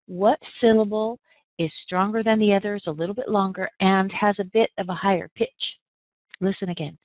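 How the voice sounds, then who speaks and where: A woman with an American accent giving a pronunciation lesson, slowly and carefully spelling out sounds. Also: lowish voice, no room sound. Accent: General American. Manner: slow, careful enunciation of sounds. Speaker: accent trainer. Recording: narrow phone-like sound.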